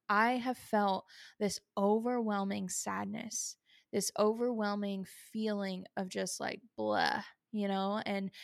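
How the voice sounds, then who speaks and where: A woman's voice: medium pitch, vocal fry, dry recording, clean studio sound. A woman hosting a faith podcast, speaking earnestly and confessionally about sorrow, holding back tears. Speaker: podcast host. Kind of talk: personal faith podcast talk.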